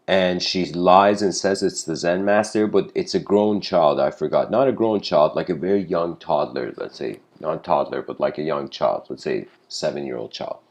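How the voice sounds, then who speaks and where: A man's voice: low-pitched, normal speed, hardly any pauses, a little mellow. A man giving an informal spiritual lecture, telling a story in a loose, rambling way that stops to correct itself and is full of fillers.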